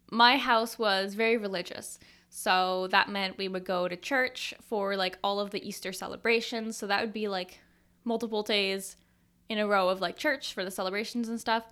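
Bright-voiced young woman telling stories. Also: medium pitch. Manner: chatty, many "like" fillers. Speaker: podcast host. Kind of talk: casual personal storytelling.

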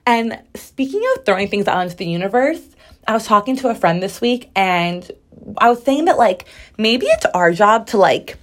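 A woman's voice: medium pitch, lively intonation, normal speed. A woman in her twenties hosting a casual solo podcast, chatty and sassy, with many "like" fillers. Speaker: podcast host.

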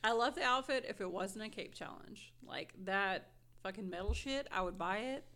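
A woman co-hosting a podcast, gushing excitedly in casual chat. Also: medium pitch, normal speed. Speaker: podcast co-host.

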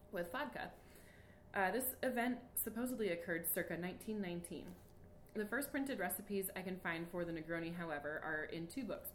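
A woman's voice: fairly low pitch, slight background noise. Chatty woman podcast host, echoey room. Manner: chatty, laughs often, reads passages aloud. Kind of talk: casual chat.

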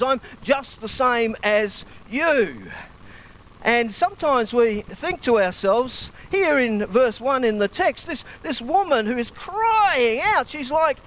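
A man with a very high voice preaches a sermon at an unhurried pace. He reads scripture aloud with expression as he goes. Faint noise sits behind him. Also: a bit bright, rough recording. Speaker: pastor.

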